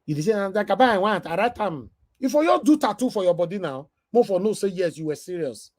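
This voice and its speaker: A man from the UK with a Nigerian Pidgin accent, giving an animated, emotional commentary rant. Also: high voice, quick pace. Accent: Nigerian Pidgin English. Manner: animated, emotional, switching from loud to soft. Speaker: vlogger.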